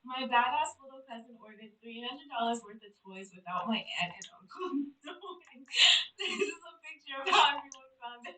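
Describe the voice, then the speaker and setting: A woman's voice: high voice, bright, forceful tone, distant mic. A young woman giggling and chatting casually as she reacts to funny stories on a video. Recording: echoey room, voice a bit off-mic.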